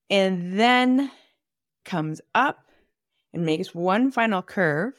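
A woman's voice: lowish voice, no room sound, studio quality. A woman hosting a podcast, explaining anatomy in a chatty, thinking-aloud way with asides. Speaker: podcast host and manual therapist. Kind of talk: casual educational monologue.

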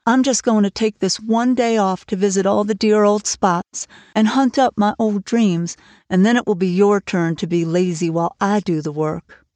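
A woman reading the part of a bright, earnest young woman who speaks eagerly and tenderly, for an audiobook. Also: mid-range voice, normal speed, no echo, natural voice.

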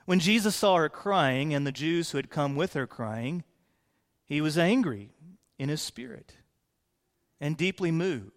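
A man's voice: fairly high pitch, lively intonation, normal speed. A man pastor preaching a sermon, explaining scripture verse by verse in an earnest manner. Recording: long hall reverb.

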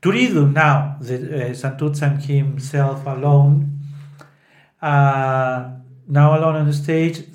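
A man's voice: fairly high pitch, takes it slowly, darkish tone. A man hosting a show on opera, retelling a scene in a loose, informal way with many fillers. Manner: loose, with many fillers, quoting lines in Italian and English. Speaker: podcast host explaining an opera. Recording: roomy echo.

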